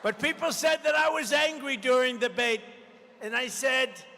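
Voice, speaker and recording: A man giving a campaign rally speech, combative and repetitive, hammering slogans with bursts of shouting. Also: very high-pitched, moderate pace, background noise. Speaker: political candidate at a rally. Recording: long reverb of a large rally venue.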